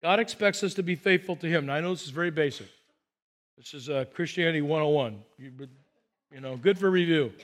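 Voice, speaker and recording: A man's voice: a little high, fairly quick, fairly bright tone. A man, a pastor, preaching a sermon with emphatic repetition and call-and-response to the congregation.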